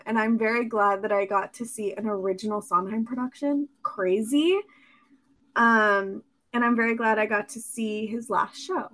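Chatty young woman, gushing and bright. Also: fairly high pitch. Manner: chatty, gushing, laughs often. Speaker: podcast host. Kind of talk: casual monologue.

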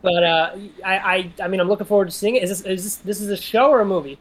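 A man's voice: sits high, fast talker. A man co-hosting a casual podcast, rambling with many restarts. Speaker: podcast co-host.

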